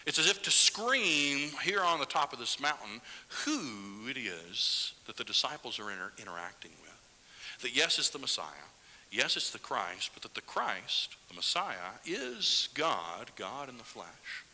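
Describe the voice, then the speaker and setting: A man preaching a sermon in a church, animated and sometimes dropping to a hushed whisper for emphasis. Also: mid-range voice, measured pace, in a large hall, low-quality recording. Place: church sanctuary.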